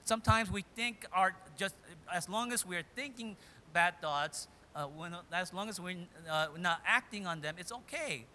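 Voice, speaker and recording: A man preaching a sermon, retelling a story dramatically and swinging between loud and hushed delivery. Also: high voice, expressive, normal speed, a little hiss or hum.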